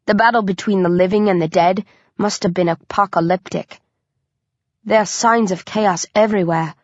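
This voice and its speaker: A woman reading a first-person audiobook aloud with lively storytelling and a sly, dry humor. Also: mid-range voice, moderate pace, dry recording. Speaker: audiobook narrator. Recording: dull lo-fi dry recording.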